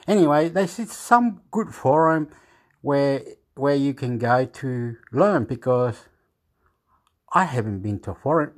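A man vlogging into a phone at home, meandering and halting as he searches for words, chuckling often. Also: medium pitch. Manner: meandering, keeps repeating "anyway", chuckles often. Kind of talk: rambling casual chat to camera.

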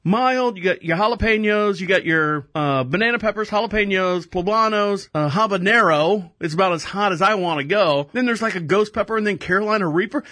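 A man tells a rambling story in a loose, casual way, cursing lightly and chuckling as he goes. His voice sits high and sounds bright and forward. It is recorded close and dry, with no room around it. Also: lively intonation, brisk, no room sound. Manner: rambling, self-amused, swears; laughs mid-sentence. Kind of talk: casual anecdote.

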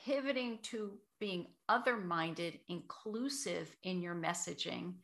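A woman who coaches voice and public speaking, giving measured, explanatory answers as an interview guest. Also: on the low side, a bit bright.

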